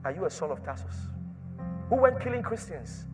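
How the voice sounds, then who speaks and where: A man with a high voice preaches a sermon, repeating his lines over and over. He drops to a near whisper, then rises to a shout. Soft music plays faintly underneath. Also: sing-song, normal speed. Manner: repetitive, swings from hushed to shouting.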